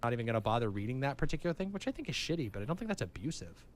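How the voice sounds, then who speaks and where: A man in a stream debate disagreeing calmly, weighing his words and admitting he could be wrong. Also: medium pitch. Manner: measured, doubting, careful.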